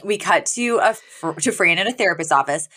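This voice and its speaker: A woman co-hosting a podcast, recapping a TV episode with animated storytelling and frequent laughs. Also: on the low side, fairly quick, slight background noise. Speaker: podcast co-host. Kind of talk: casual TV recap chat.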